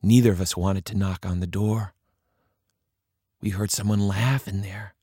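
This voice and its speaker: A man telling a story from his own childhood as a performed piece, acting out the voices and dropping to a hush for suspense. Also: fairly low pitch, steady tone, a little slow, slightly rough, dry recording, clean studio sound. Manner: acts out the children's voices, drops to hushed tones for suspense.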